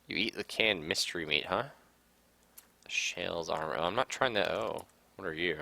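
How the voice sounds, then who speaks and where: Deep-voiced man narrating a game. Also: normal speed, gravelly, long pauses, bright, forceful tone, no room sound. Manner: reads game text aloud, reacts with sudden swearing. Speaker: gaming streamer. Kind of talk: casual let's-play commentary.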